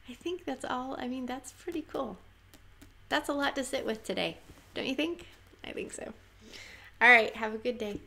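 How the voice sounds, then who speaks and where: A woman's voice: fairly high pitch, creaky, pushed and bright, slight background noise. A woman giving casual, earnest Bible commentary to camera, chatty and exhorting, often laughing. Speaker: Bible teacher.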